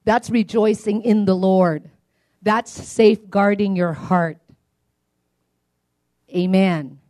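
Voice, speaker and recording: A married woman preaching a sermon to a congregation, calling for amens, swinging between loud declarations and quiet asides. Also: mid-range voice, fairly even intonation, takes it slowly. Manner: call-and-response preaching, asking for amens.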